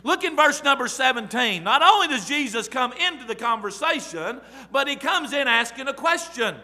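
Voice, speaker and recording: A man preaching a sermon in a very high, sharply bright voice. He breaks into loud, emphatic bursts, and his words ring out with the long reverb of a large hall. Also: lively intonation, moderate pace.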